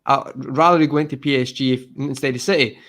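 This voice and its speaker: A man hosting a casual football podcast, animated and emphatic, calling everyone mate. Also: medium pitch, quick pace. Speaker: podcast host.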